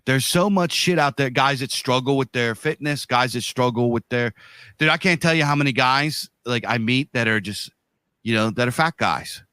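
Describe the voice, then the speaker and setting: A man's voice: mid-range voice, normal speed, sharp tone, clean tone, no echo. A man in his thirties or forties co-hosting a podcast, talking bluntly in casual chat with lots of profanity and slang. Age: 30s to 40s. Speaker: podcast co-host.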